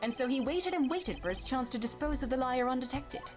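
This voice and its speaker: A woman voicing a calm, methodical male prosecutor laying out deductions. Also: high voice. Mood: deducing. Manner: measured, deductive. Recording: game music behind the voice.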